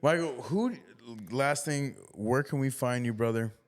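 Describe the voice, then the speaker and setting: A man's voice: mid-range voice, unhurried. A man hosting a podcast in casual chat, laughing often, swearing and calling people bro. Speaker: podcast host.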